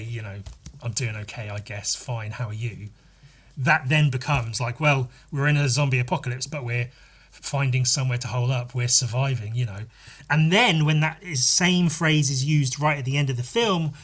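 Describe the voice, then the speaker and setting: Husky man talking films. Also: medium pitch. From United Kingdom. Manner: animated, swearing, quotes lines in little voices. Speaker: podcast host. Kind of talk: casual film-analysis monologue.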